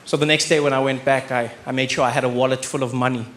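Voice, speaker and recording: A South African man performing stand-up comedy on a theatre stage, with a deadpan, ironic delivery. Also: mid-range voice, fast, a little hiss or hum. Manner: deadpan, ironic, with playful asides.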